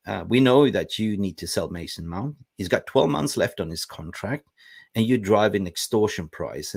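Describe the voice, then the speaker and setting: Man, young adult, low voice, blunt livestream host in a dry-sounding room. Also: husky, no echo. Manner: blunt, animated, talks to viewers. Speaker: football channel host. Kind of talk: casual livestream chat.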